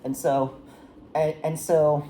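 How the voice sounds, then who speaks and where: A woman's voice: low-pitched, level tone, slow, warm tone, slight background noise. A woman casually retelling the plot of a historical drama, rambling with many restarts and fillers. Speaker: storyteller recapping a historical drama. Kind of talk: casual chat.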